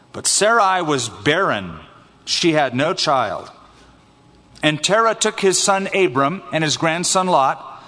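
A man's voice: fairly high pitch, sharp tone. Earnest man teaching in a reverberant hall. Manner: earnest, explains slowly with pauses and verse readings. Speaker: Bible study teacher. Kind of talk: Bible study teaching.

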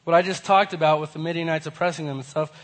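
Young man, hoarse voice, casual Bible teaching, slightly high pitch, chatty questions to the group. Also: steady tone, fast. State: hoarse from a cold. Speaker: youth pastor.

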